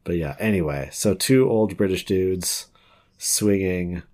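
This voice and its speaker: A man's voice: deep voice, a little slow, a little mellow. A man co-hosting a casual podcast chat, rambling with restarts and frequent laughs. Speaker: podcast co-host.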